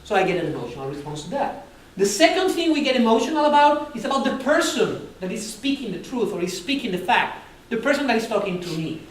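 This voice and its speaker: Lively speaker at a conference, acting out little dialogues, roomy hall, mic kinda far off. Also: mid-range voice, quick pace. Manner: animated, acts out quoted dialogue with humor. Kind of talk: live conference talk. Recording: roomy, distant hall recording with faint noise.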